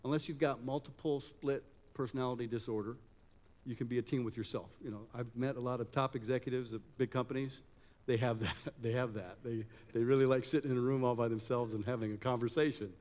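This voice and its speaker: A man's voice: medium pitch, quick pace. A man running a live audience exercise at a talk, joking and directing people as he goes. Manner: energetic, joking, directs the crowd. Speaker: workshop speaker. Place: event hall with live audience. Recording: long hall reverb.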